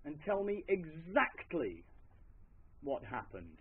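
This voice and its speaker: A man voicing a stern old farm master who questions his worker in a slow, halting way. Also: fairly high pitch, wildly swooping pitch, slightly rough, phone-quality sound, heavily acted.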